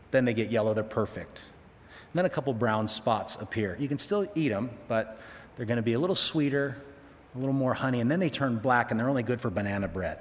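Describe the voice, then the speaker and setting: A man's voice: on the low side, long reverb tail, a little hiss or hum. A man teaching through a Bible passage in a conversational sermon, with folksy asides to his listeners.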